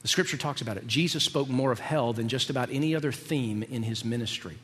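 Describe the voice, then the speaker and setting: A man preaching a sermon in a casual, animated way, with slangy asides to his listeners. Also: medium pitch, fast, long reverb tail. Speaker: pastor.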